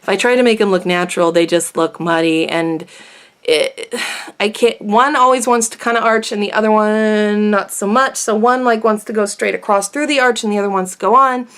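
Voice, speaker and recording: A woman's voice: medium pitch, moderate pace, a bit bright, clear, resonant tone. A woman beauty vlogger chatting casually to camera at home, rambling and self-deprecating.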